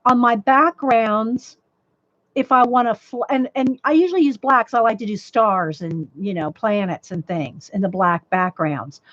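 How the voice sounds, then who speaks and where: Woman, live-stream art tutorial, chatty and rambling, slightly high voice, crackly, muffled dry mic. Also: unhurried, fairly bright tone, no room sound. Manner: chatty, rambling, frequent restarts, reads viewer comments. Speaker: livestream art host. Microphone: desk microphone. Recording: dull dry lo-fi mic audio.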